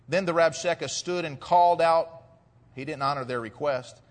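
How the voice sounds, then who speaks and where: A man's voice: a little high, normal speed. A man preaching an expository sermon as pastor, reading verses and rising to emphatic points. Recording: long hall reverb.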